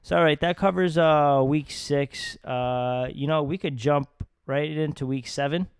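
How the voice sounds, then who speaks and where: A man co-hosting a casual fantasy football podcast, teasing his partner in a deadpan way. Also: fairly high pitch, unhurried, clear, resonant tone, no room sound, clean studio sound. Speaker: podcast co-host.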